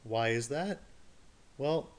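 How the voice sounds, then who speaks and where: A man teaches a history lesson in a relaxed, conversational voice. He keeps putting rhetorical questions to his students and drops casual asides as he explains. His voice sits at an ordinary middle pitch. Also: slow. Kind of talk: recorded history lecture.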